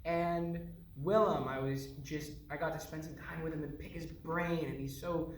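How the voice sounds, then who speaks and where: Excitable actor in an echoey hall. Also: male voice, fairly high pitch, normal speed, distant mic, slight background noise. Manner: excitable, laughing often. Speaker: actor on a panel. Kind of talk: animated storytelling at a Q&A.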